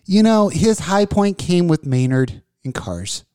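A man's voice: high voice, expressive, unhurried, warm tone, clean tone, no echo, studio quality. A middle-aged man co-hosting a comedy radio talk show, ranting and joking with plenty of profanity. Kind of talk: casual comedic chat.

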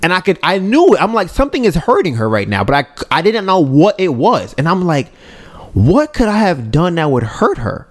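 Here a podcast co-host with a high male voice talks at normal speed, recounting something that happened to him. He's lively and informal, often turning to his listeners and voicing every character, himself included.

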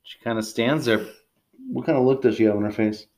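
A man in his forties reading a graphic novel aloud with a child, expressive and chatty, asking questions. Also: medium pitch, a little fast, a little hiss or hum. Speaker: reading tutor.

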